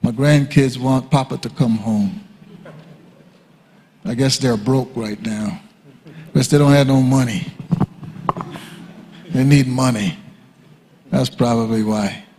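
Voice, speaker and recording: An older man teaches at a church leadership conference in a church hall, his mid-range voice warm and unhurried, with long pauses. He keeps it conversational and tosses in joking asides, and the recording carries a long hall reverb.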